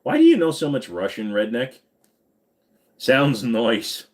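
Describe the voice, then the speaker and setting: A man's voice: mid-range voice, huge pitch swings, slow pace, pauses often. A man hosting a casual live stream, rambling through crude, jokey banter with his chat.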